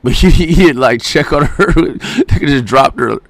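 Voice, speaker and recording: Male streamer, gravelly voice with a lively, swinging pitch, talking in loose, incredulous reaction commentary full of swearing. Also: a little slow, dry recording.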